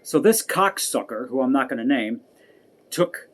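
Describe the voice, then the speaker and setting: A man sits alone venting to his viewers in a heated, profane rant. He repeats his points and swears often, and his tone never settles into calm. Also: medium pitch, measured pace. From United States. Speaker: vlogger. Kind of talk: angry personal rant to camera.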